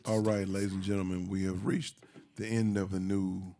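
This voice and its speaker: A man's voice: level tone, normal speed, a crowd in the background. A man hosting a podcast, wrapping up the episode in casual, brash banter. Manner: brash, boastful, swings from shouting to a low put-on sexy voice. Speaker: podcast host.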